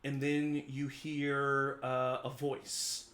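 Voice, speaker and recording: A man's voice: mid-range voice, monotone, drawn-out words, a bit bright, echoey room. A man narrating as game master of a tabletop game, hesitant and full of "um"s and "uh"s. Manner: hesitant, with many "um"s and "uh"s.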